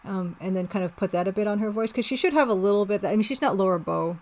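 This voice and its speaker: A woman's voice: medium pitch, fast, a little mellow. A woman developer casually narrating and chatting while playing her own story game, rambling and self-deprecating. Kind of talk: casual let's-play commentary.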